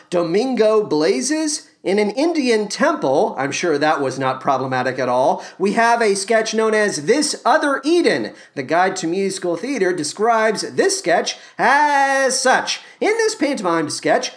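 A woman hosting a podcast alone, talking casually in a wry, self-deprecating way. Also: mid-range voice. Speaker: podcast host. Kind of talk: casual solo podcast chat.

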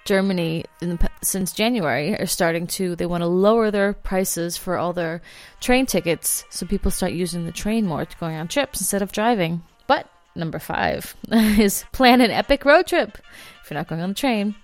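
Chatty woman vlog host, self-deprecating, with soft music behind. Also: on the low side, normal speed, hardly any pauses. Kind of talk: casual travel chat.

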